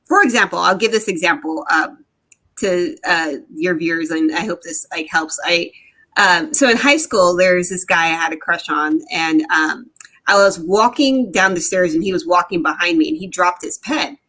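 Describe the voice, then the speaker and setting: A woman's voice: lowish voice, moderate pace. A woman poet and author speaking as an interview guest, telling stories with energy and acting out the voices in them. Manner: animated storyteller who acts out quoted voices. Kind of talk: conversational interview.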